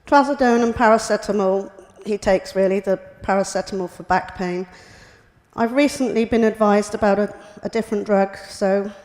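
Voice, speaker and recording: Brief: middle-aged woman reading a personal talk, mid-pitched, plain and steady, in a big echoing room. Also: normal speed. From United Kingdom. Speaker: carer giving a talk. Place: hospital lecture room. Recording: reverberant hall.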